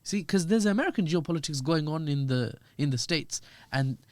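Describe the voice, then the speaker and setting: A man, a podcast guest giving lively, joking political commentary. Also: a little high, a little fast, dry recording. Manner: animated, joking, acts out quoted voices.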